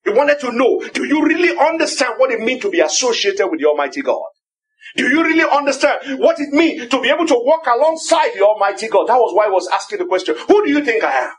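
Nigerian preacher guy, lots of rhetorical questions, shouts the big lines, kinda breathy. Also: very high-pitched, very animated, fast talker. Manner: rising to emphatic shouts on key phrases. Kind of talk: sermon.

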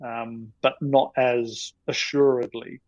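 A man's voice: mid-range voice, level tone, slow, gravelly, darkish tone, no room sound, lo-fi sound. Podcast guest, man, self-deprecating raconteur, dry mic. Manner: rambling, self-deprecating storyteller. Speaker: podcast guest, storyboard artist. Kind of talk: casual anecdote telling.

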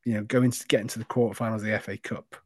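A man's voice: fairly low pitch, little pitch movement, racing, no room sound, clean studio sound. A man co-hosting a casual football podcast who tells his stories in a chatty, swearing manner. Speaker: podcast co-host. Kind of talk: casual chat.

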